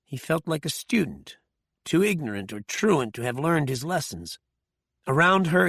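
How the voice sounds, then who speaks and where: A man narrating an audiobook thriller in a measured, even storytelling manner. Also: mid-range voice, gravelly, dry recording, studio quality.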